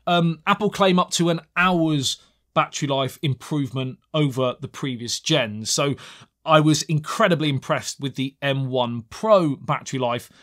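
A man's voice: on the high side, normal speed, a bit bright. A young man giving a chatty, self-mocking tech review to camera, with jokey asides.

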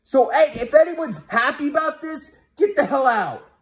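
A man's voice: very high-pitched, expressive, moderate pace. A man ranting angrily and profanely as a sports fan vlogger, talking heatedly to his viewers with frequent restarts. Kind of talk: angry fan rant to camera.

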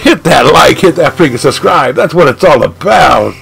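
A man commentating his own video game play live, excitable and shouting at the action. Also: on the high side, normal speed, creaky, slightly rough, faint music behind. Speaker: gaming channel host.

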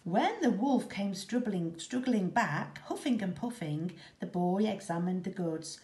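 A woman teacher reading a children's story aloud in a slow, expressive, rhythmic way. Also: mid-range voice. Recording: echoey room.

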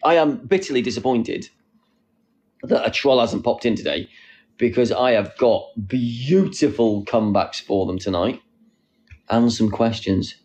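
A man's voice: medium pitch, measured pace, darkish tone. A man chatting casually on a live stream, reading out viewers' comments and answering them. He sits outdoors on a wall and talks into a phone.

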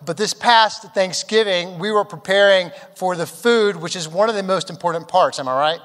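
A man pastor telling a humorous personal story in a sermon, animated and acting out quotes. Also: high-pitched, normal speed, big-room sound. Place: large church auditorium.

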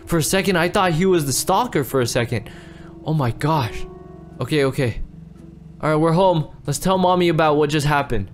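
Man, high voice, frantic game role-play, repeats words, faint music behind. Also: moderate pace. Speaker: role-play creator and lead player. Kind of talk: Minecraft role-play acting.

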